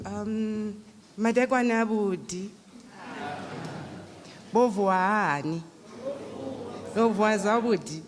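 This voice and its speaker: A middle-aged South African woman delivers a eulogy at a memorial service in a large hall, telling stories in a relaxed, conversational way. Her medium-pitched voice is expressive and a little slow, with crowd noise and the long reverb of the hall audible.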